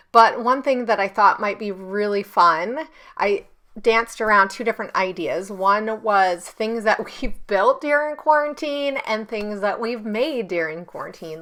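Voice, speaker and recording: Speaking in a sharp tone at medium pitch, a scrapbooking YouTuber in her thirties rambles through a casual crafting how-to at her home desk. She fills it with ums and keeps correcting herself, picked up by a camera standing on her desk.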